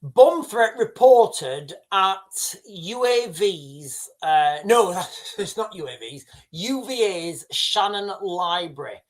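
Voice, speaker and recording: A man's voice: high voice, animated, slow pace. Rambling man hosting a livestream. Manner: rambling, full of fillers and restarts. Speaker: livestream host. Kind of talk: casual live commentary.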